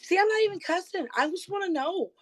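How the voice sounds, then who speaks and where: A woman live streaming, confronting someone with rapid, repeated pointed questions while insisting she is calm. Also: extremely high pitch, rough recording. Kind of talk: livestream call-out rant. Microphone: phone.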